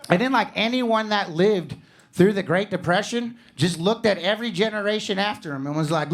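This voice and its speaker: A man in his thirties from Missouri doing a stand-up comedy set, animated and jumping into loud mock voices for his bits. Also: high voice, moderate pace. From Missouri, USA.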